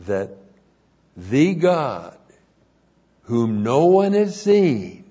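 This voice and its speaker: A man's voice: lowish voice, warm tone, slightly rough, dull audio. A man teaching verse by verse through a Bible epistle, explaining the Greek grammar and stressing key words by repeating them.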